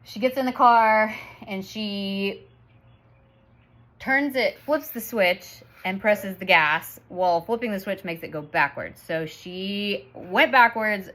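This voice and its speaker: A woman's voice: medium pitch, takes it slowly, fairly bright tone. A woman in her thirties telling a family story in a chatty vlog, laughing often as she talks. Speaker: vlogger and mother.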